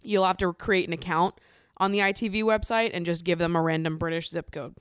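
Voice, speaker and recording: A woman's voice: lowish voice, fairly even intonation, a little fast, clean tone, dry recording, clean studio sound. Bubbly young woman podcast host. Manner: bubbly, gushing, laughs often. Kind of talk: casual podcast chat.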